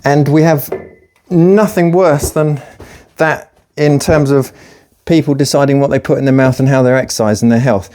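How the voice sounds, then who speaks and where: Mid-workout at the gym, a man who works as a personal trainer and fat-loss vlogger launches into a loose, profane, sarcastic rant. He speaks at a moderate pace in a mellow, medium-pitched voice with fairly even intonation.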